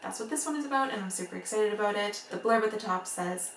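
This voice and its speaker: Book vlogger: an excitable, rambling woman with an accent, a bit of vocal fry, recorded in an echoey room with a distant mic. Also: mid-range voice, fairly quick, few pauses, background noise. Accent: noticeable accent. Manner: gushing and excitable, laughs often; rambling, full of "like" and restarts. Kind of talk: casual chat to camera. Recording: roomy echo, mic at a distance.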